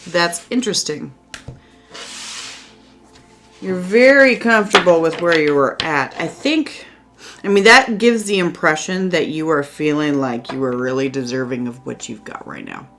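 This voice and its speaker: A woman's voice: deep voice, expressive, a little slow, fairly bright tone. A woman giving a casual tarot reading at home, chatty and reassuring, with lots of fillers. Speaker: tarot reader. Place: indoors at home by a window.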